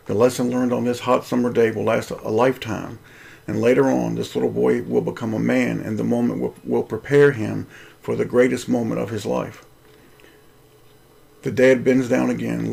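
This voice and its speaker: Gravelly husky male host, earnest preacher-style reading of his own story. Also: mid-range voice, a little mellow. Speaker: Christian video host.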